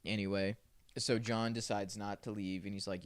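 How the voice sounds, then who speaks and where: A man's voice: lowish voice, little pitch movement, normal speed, clear, resonant tone. A man co-hosting a podcast, casually recapping a film in laid-back slang and acting out the characters' lines. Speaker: podcast co-host.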